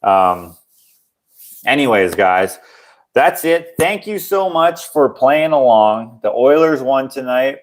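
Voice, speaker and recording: A man's voice: mid-range voice, expressive, slow. A young man from Canada hosting a casual livestream, joking around and reading viewer comments aloud. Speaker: livestream host.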